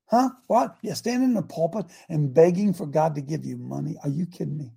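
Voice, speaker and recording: A man's voice: a little high, fairly quick, vocal fry, hardly any pauses, dark tone, breathy edge. An older man hosting a live show, preaching emphatically and calling on his audience to answer. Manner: emphatic, exclamatory, calls out to the audience. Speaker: host and preacher. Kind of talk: fiery live-show sermon.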